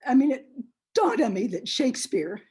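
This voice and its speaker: An older woman telling her life story in an oral history interview, expressive and animated, often pausing with fillers. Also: on the high side, slightly rough.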